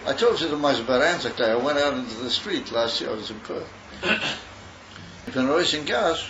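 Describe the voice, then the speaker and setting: In a dull, noisy recording, an older man from Australia rambles through a story at a yeshiva gathering, circling back, restarting and dropping in Yiddish. He speaks at a normal speed in a mid-range, expressive voice with a fairly bright tone.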